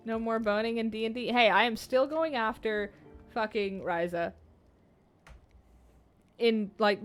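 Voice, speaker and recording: A young woman streamer chats casually and reads a story game's text aloud in a middle-pitched voice, joking and swearing freely. Soft music plays faintly behind her. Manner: playful, profane, laughs often. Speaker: streamer playing a narrative game. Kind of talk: casual live-stream chat and narrating game text.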